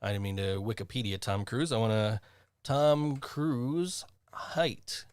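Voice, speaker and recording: A man co-hosting a casual chat show, rambling with many restarts and quick jokes. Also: darkish tone, smooth, no room sound, studio quality. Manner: rambling, many restarts, does high mocking impressions. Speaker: podcast co-host.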